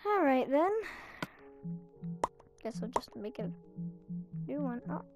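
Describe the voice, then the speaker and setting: Over music, a young woman with a high-pitched voice and lively intonation speaks slowly. A gaming channel host, she gives casual, rambling Minecraft commentary while playing, poking fun at herself.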